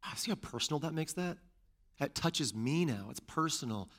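A man preaching a sermon as pastor and teacher, repeating key phrases and rising to loud stresses. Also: fairly high pitch, animated, moderate pace.

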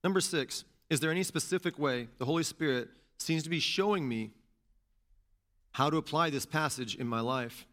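A man preaching a sermon as pastor and teacher, repeating key phrases and rising to loud stresses. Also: a little high, moderate pace.

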